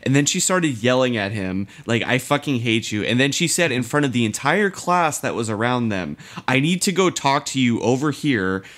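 A young man in loose podcast chat, middle-pitched and conversational. He rambles, swears freely and slips into quoted lines, filling the gaps with "like". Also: animated, moderate pace, hardly any pauses, a bit bright. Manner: rambling, profane, acts out quotes with many "like"s. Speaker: podcast co-host. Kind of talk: casual chat.

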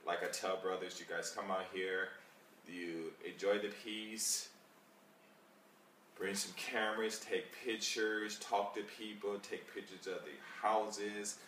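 A man talking casually in a vlog, rambling and animated, acting out chats with people he meets on the street. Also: fairly low pitch, takes it slowly, echoey room, distant mic, slight background noise. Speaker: vlogger.

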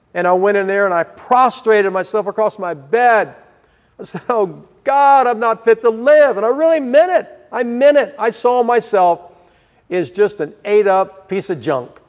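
An older man preaching a sermon as pastor, earnest and emphatic, with sudden rises in pitch for stress. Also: big-room sound.

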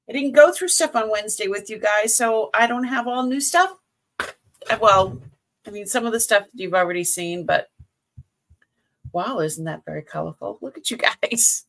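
Middle-aged Boston woman, live-sale host, leisurely pace, bright tone, chatty and scattered. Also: medium pitch. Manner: chatty and scattered, trailing off and restarting, greeting viewers. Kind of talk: casual live-stream chat.

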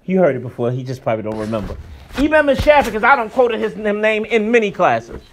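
A man giving a religious lesson in a loose, conversational way with emphatic bursts. His voice sits high for a man. It swings widely in pitch as he presses his points. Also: fast talker, slight background noise. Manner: animated, colloquial, emphatic preaching. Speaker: Islamic teacher.

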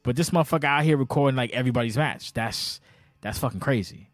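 Heard with no room sound, a man hosting a podcast speaks quickly in a mid-range voice. Slightly tipsy, he rambles and swears through an animated rant, tripping over words and starting sentences again.

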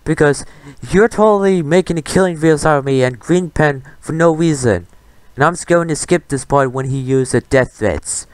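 A man's voice: a little high, moderate pace, clear, resonant tone, no echo. A man hosting a reaction commentary, talking back at a clip in a defiant, retorting rant. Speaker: commentary host.

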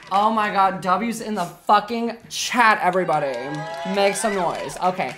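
A woman streaming a game live, reacting loudly and dramatically with shrieks and swearing while chatting with viewers and thanking subscribers. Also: medium pitch, unhurried, few pauses, some chatter behind, slight background noise.

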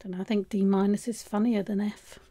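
A woman chatting casually through an art supply unboxing, rambling and restarting her sentences, her voice going a little hoarse. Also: mid-range voice, little pitch movement, brisk, dark tone. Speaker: art vlogger.

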